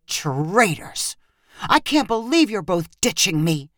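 A woman's voice: medium pitch, big pitch swings, slow pace, a bit bright, no echo, clean studio sound. A woman voicing an indignant young woman who feels betrayed by her friends, in a pointed, wry tone. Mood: hurt.

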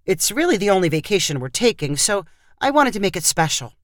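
A woman's voice: mid-range voice, big pitch swings, fairly quick, no echo, clean studio sound, natural voice. A woman voicing a worn-out defensive dad. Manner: defensive and strained. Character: tired defensive father on a family trip.

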